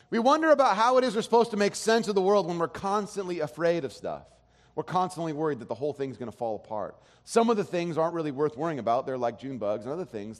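A man in his thirties preaching a sermon, telling a family story in a casual, rambling way with many restarts. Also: high-pitched. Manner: soft slow prayer voice. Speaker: pastor. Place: church sanctuary. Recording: long hall reverb.

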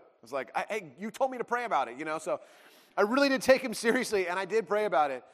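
A pastor in his thirties speaks quickly, sharing a personal story with his congregation and slipping into quoted voices as he goes. His voice sits a little high for a man. A long church-hall reverb trails every phrase. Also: sing-song, a bit bright. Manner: rambling storytelling with restarts and acted quotes. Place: church sanctuary.

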